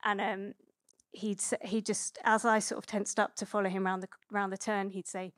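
A woman in her thirties preaches in an easy, chatty way, full of little fillers and restarts. Her voice sits at an ordinary middle pitch. The sound is dry and close, with no room echo. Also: normal speed. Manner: chatty and relaxed, with many fillers and self-corrections. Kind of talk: conversational sermon.

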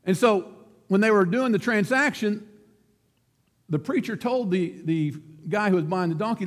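A man's voice: high-pitched, moderate pace, in a large hall. A man preaching a sermon as pastor, telling a folksy story and laughing at his own joke.

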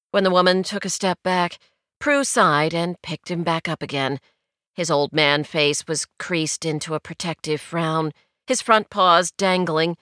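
A woman narrating a novel in a measured, wry storytelling manner, recorded on a studio mic. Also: on the low side, fairly bright tone, smooth, no room sound. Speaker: audiobook narrator. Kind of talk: scripted narration.

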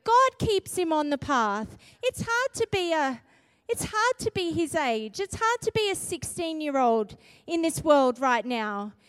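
A middle-aged woman preaching, telling a story in an animated, emphatic way and repeating key phrases for weight. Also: high-pitched, unhurried, dry recording. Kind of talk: storytelling sermon.

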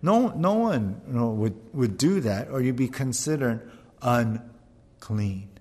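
A male pastor preaching in a relaxed, conversational way, often pausing to check in with the listeners. His voice sits at an ordinary middle pitch. The sound carries a long reverb, as in a large church hall. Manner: conversational, animated, keeps asking "right?". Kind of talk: sermon.

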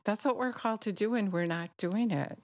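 A woman's voice: mid-range voice, a little fast. A woman giving an informal sermon in an earnest, conversational way, often dropping in "you know". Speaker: preacher.

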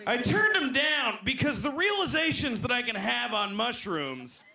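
Animated high-voiced young comedian. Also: male voice, normal speed, creaky. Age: 20s. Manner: animated, jumps into loud high put-on voices. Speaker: stand-up comedian. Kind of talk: stand-up set. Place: comedy club stage. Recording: live club recording with crowd laughter. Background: audience laughing.

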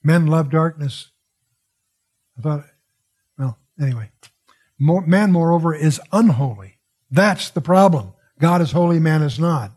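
A man teaches through a Bible passage, his voice husky and pitched a little high. He muses as he goes, drifting into asides and circling back with restarts. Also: animated, moderate pace, a little mellow. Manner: digressive, musing, frequent wows and restarts.

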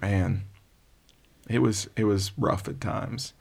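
Low gravelly middle-aged guy, podcast co-host, chatty and excited about movies. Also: slow. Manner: enthusiastic, mimics others with high-pitched impressions. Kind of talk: casual movie review chat.

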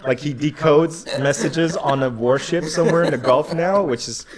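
A man telling a story in casual chat, animated, swearing a lot and acting out the people in it. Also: a little high, moderate pace, over a noisy crowd. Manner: animated, swears a lot, acts out the voices in his stories. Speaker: podcast guest.

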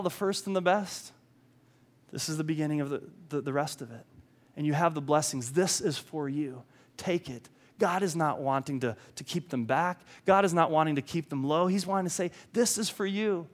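A man preaching a sermon, earnest, acting out quoted speech and dropping to a soft voice for emphasis. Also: on the high side. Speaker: pastor.

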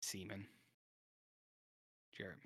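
Taking things slowly, this podcast co-host talks through a TV series recap in a relaxed, rambling way packed with fillers and restarts. He has a fairly bright tone, and the studio recording is clean with no room sound.

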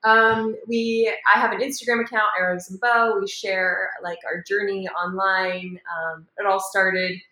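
A woman guest on a podcast, loud and lively as she talks about her family's life. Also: medium pitch. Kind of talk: casual podcast chat. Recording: echoey room.

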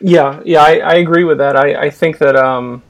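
A man's voice: on the high side, steady tone, normal speed. A man hosting a poetry podcast over a call, talking in a hesitant way with many fillers. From Boston area. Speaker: podcast host. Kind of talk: casual discussion, video call.

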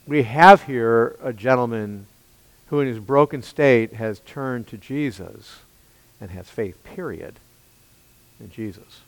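A man's voice: mid-range voice, slow pace, dry recording, big-room sound, poor audio. A man preaching an expository sermon, emphatic and pressing his listeners with rhetorical questions. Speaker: pastor.

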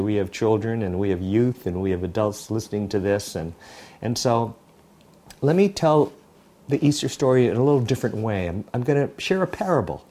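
A pastor delivers a sermon to a mixed congregation. His voice is mellow and warm, and he talks in a relaxed, conversational way as he tells a parable. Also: medium pitch. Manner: storytelling, conversational.

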